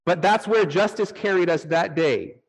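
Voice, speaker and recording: A middle-aged pastor delivers a sermon through personal anecdotes. He tells them animatedly and acts out his own reactions. His voice sits a little on the high side for a man. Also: normal speed, slightly rough, poor audio.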